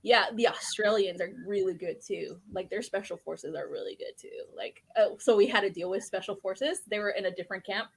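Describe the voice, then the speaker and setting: A woman's voice: mid-range voice, fairly quick, creaky, few pauses, breathy edge. A woman guest in a casual podcast chat, telling stories animatedly, laughing a lot and swearing freely.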